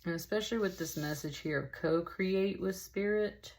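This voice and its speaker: A woman with a low-pitched voice talks through a tarot reading in a loose, rambling way. She sounds emotional and slightly tearful, and she keeps dropping in "like" and "y'all" as she goes. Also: moderate pace, darkish tone. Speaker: tarot reader. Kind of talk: casual spoken tarot reading.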